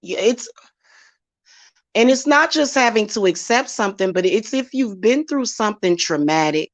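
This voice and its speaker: A woman's voice: medium pitch, lively intonation, moderate pace, no echo. A woman, talking bluntly and emphatically as host of her own spiritual channel. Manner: blunt, emphatic, slips into acted quotes. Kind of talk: casual chat to camera.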